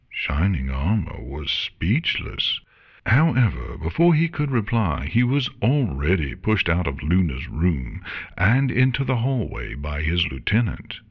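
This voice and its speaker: Deep husky male storyteller. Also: very animated, a little slow, no room sound, studio quality. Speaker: narrator. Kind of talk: storybook reading.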